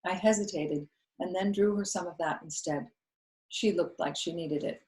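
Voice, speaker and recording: A woman, a school co-founder, reading a novel aloud in steady storytelling narration. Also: lowish voice, moderate pace. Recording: roomy echo.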